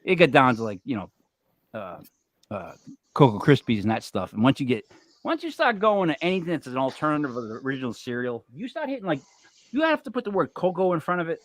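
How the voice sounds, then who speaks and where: A man's voice: mid-range voice, big pitch swings, fast, dry recording. A man co-hosting a casual show, telling a long joke with many ums and restarts. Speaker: podcast co-host.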